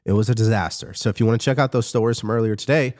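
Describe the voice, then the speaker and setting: A man hosting a political commentary video, talking to camera in an animated, emphatic way that climbs in pitch on his points. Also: very fast.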